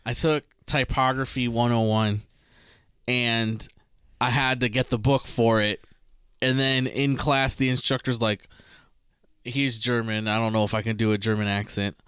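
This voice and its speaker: A young man co-hosting a podcast in casual chat, relaxed and rambling, laughing easily. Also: medium pitch, measured pace, clear, resonant tone, dry recording, clean studio sound. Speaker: podcast co-host.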